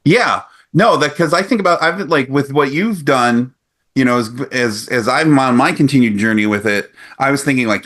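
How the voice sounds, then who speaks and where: A man's voice: medium pitch, moderate pace. A man in his forties co-hosting a podcast, telling a story animatedly in casual chat. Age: 40s. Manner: animated storyteller acting out others' lines. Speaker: podcast co-host. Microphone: podcast microphone.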